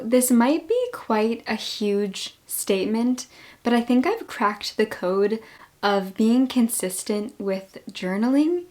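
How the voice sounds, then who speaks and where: Gushing Long Island woman, bright voice. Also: fairly high pitch. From New York. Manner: chatty and gushing, laughs often. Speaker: book vlogger. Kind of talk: casual haul vlog.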